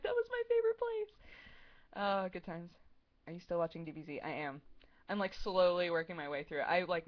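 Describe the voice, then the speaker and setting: A young woman in her twenties chatting casually on a livestream, answering viewer questions in a rambling, giggly way full of "like" and "um". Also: medium pitch. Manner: rambling, giggly, heavy use of "like" and "um". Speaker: streamer answering chat questions. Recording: dull lo-fi stream audio.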